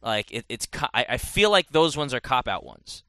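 Bright, crisp-voiced man chatting casually. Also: mid-range voice, big pitch swings, moderate pace, no room sound. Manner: rambling, self-correcting, chatty. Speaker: podcast host reviewing a game. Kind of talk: casual chat.

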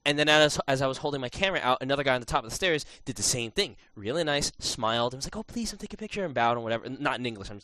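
A man hosting a podcast, telling an animated story in casual chat, with many restarts and fillers. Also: mid-range voice, rapid-fire, few pauses, no echo. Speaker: podcast host.

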